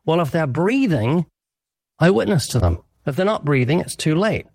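Earnest preaching man, fairly high voice. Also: big pitch swings, moderate pace, a little mellow, husky, dry recording, clean studio sound. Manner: earnest, emphatic, illustrates with little acted quotes. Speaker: evangelist guest. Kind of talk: preaching interview answer.

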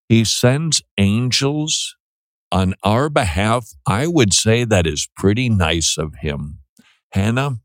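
Brief: male radio host, low voice, folksy and jokey, dry studio sound. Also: no room sound. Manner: folksy, joking, talks with restarts. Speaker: radio host answering listener questions. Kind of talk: casual faith radio chat.

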